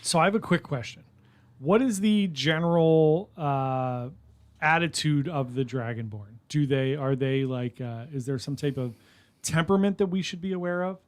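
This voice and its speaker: A man playing a tabletop game who keeps cracking wry, joking asides. His voice sits somewhat high. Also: moderate pace. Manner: jokey, wry. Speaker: player.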